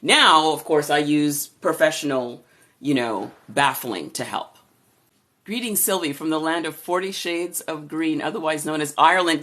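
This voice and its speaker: A woman voice-over artist with a low voice, casually chatting on a live stream and greeting viewers by name as she answers their questions. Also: animated, a little slow, a bit bright. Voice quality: low-registering voice. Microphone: camera or phone for a live stream.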